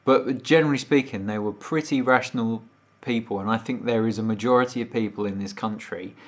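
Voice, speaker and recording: A man's voice: fairly low pitch, fairly quick. A British man from the United Kingdom ranting and swearing on a casual livestream, getting more worked up as he goes. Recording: dull lo-fi stream audio.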